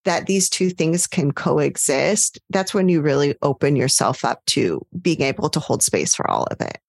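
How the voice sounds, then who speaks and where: A woman coach as a podcast guest, talking gently and soothingly, full of warm affirmations. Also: deep voice, animated, moderate pace, gravelly, slightly rough, dry recording, clean studio sound. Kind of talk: podcast interview.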